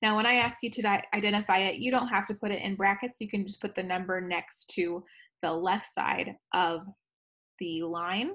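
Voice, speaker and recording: A woman's voice: mid-range voice, steady tone, moderate pace, fairly bright tone. Chatty woman teacher recording a lesson. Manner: chatty, self-correcting, laughs at own slips.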